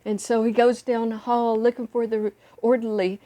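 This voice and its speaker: A woman's voice: fairly high pitch, little pitch movement, moderate pace, dark tone. A woman vlogger earnestly retelling a film story in casual talk, recorded on a phone. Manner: earnest, encouraging.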